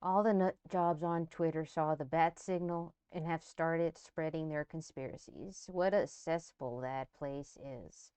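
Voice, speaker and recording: A woman's voice: sits low, unhurried, few pauses, a little mellow, smooth, no echo. A woman streamer giving casual, sarcastic commentary on news clips, swearing freely. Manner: blunt and profane, sarcastic asides.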